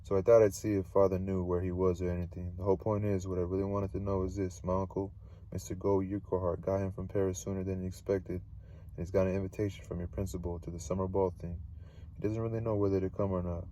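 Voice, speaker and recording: A man reading a composed, polite young woman's lines in his own low voice. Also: flat delivery, fast talker, warm tone, slight background noise, close to an everyday voice.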